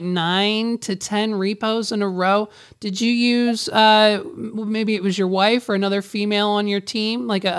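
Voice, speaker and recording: A woman hosting a casual interview, agreeing often and asking questions in a halting way with many fillers. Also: medium pitch, clear, resonant tone. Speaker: podcast host.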